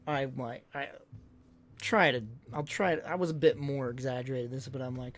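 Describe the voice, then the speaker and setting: Animated male streamer telling stories. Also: on the high side, moderate pace, soft background music. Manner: animated, acts out quotes loudly. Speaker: livestreamer. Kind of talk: casual storytelling to chat.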